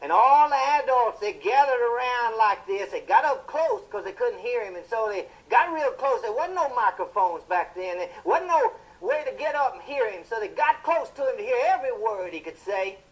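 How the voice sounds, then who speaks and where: A thundering TV preacher. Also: male voice, big pitch swings, rough recording. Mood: fiery. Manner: impassioned, booming, drawn-out emphatic preaching. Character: fiery male televangelist, fierce and thundering. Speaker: television preacher. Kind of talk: fiery sermon.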